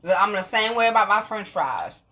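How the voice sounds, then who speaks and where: A young woman, talking straight to camera in a casual vlog, blunt and animated, swearing freely and laughing often. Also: medium pitch, normal speed. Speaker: vlogger.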